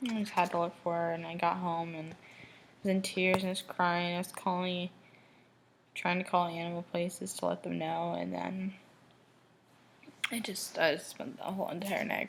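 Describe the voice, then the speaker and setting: Gravelly-voiced young woman vlogging. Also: lowish voice, slight background noise, rough recording. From Michigan, USA. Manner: emotional, rambling, restarts often. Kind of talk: personal video diary.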